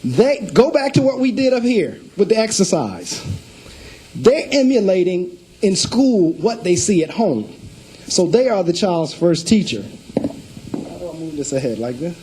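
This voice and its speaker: A man's voice: sits high, very animated, normal speed, dark tone, slightly rough, rough recording. A middle-aged man, a school principal, giving a presentation to district staff and telling stories with emphatic, preacher-like delivery. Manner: storytelling speaker acting out phone calls.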